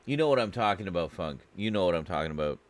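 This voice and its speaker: Man, Canadian accent, very low voice, rambling casual gamer chat, swears freely. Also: animated, fast. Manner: rambling, profane, self-mocking. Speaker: game streamer. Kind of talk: casual chat while gaming.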